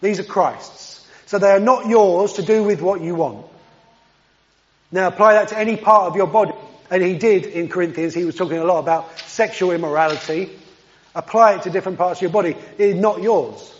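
A man with a high voice delivers an earnest sermon at a fairly quick pace, slipping in self-deprecating asides. The sound is dull and carries a long hall reverb.

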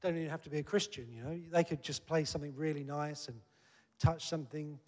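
A man's voice: a little high, steady tone, fast, a little mellow. A man preaching a sermon in an earnest, conversational way that builds to emphatic peaks. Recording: long hall reverb.

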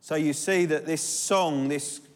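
A man's voice: a little high, steady tone, measured pace. A man preaching an informal sermon, telling a Bible story with joking asides and fillers, then reading a psalm aloud. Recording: long hall reverb.

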